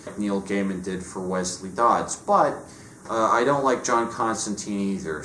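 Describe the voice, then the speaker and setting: A man's voice: fairly low pitch, a bit bright. A man ranting sarcastically and profanely as he reviews comics. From United States. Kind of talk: casual rant review. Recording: echoey room with faint noise.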